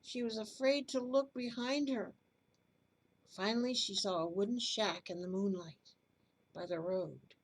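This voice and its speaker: A woman reading a children's bedtime story aloud in a gentle, expressive way. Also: medium pitch, low-quality recording.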